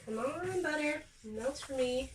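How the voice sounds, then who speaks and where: Animated and unhurried, a high-pitched woman bakes in her kitchen and talks her viewers through every step with upbeat chatter. The clip is a casual cooking demo by a home baking vlogger. Slight background noise, an echoey room and a slightly far-off mic shape the sound.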